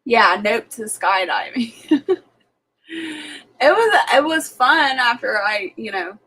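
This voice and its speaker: A woman's voice: medium pitch, bright, forceful tone, rough recording. A woman hosting a live cooking stream from her kitchen, chatting casually with viewers, telling stories with plenty of fillers and frequent laughter. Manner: chatty storyteller, laughs often, filler-heavy. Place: home kitchen.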